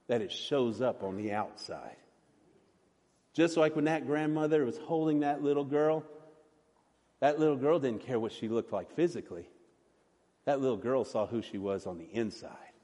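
A pastor preaching a sermon with earnest conviction, shifting between loud and soft. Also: male voice, medium pitch, long reverb tail.

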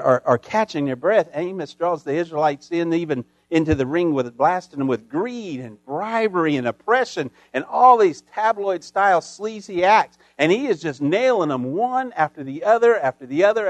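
Man, pastor, sermon, high voice, dry sound, folksy, homespun sayings, emphatic. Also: lively intonation, normal speed, few pauses, no echo. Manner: emphatic, building to loud peaks.

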